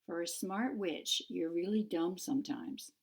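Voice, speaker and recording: A woman's voice: lowish voice, measured pace, husky. A woman voicing a sardonic female cat familiar in an audiobook, dry and sarcastic. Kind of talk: audiobook character voice.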